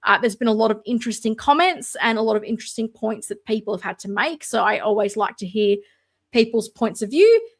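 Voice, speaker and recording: A woman's voice: fairly high pitch, animated, brisk. An Australian woman hosting a casual livestream, chatting and answering viewer comments. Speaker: livestream host.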